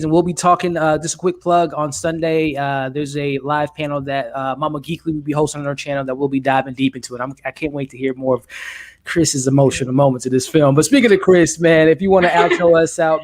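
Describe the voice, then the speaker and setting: Male panel host, slightly high voice, lively and welcoming. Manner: enthusiastic, hands off to guests. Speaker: host of a live stream panel. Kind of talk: casual live stream discussion.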